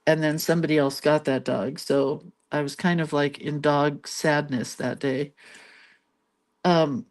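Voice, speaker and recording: Woman, casual storyteller, rambling and chatty, slightly low voice. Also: steady tone, a little slow, a little mellow. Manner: chatty, rambling, laughs between lines. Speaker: lettering and doodling channel host.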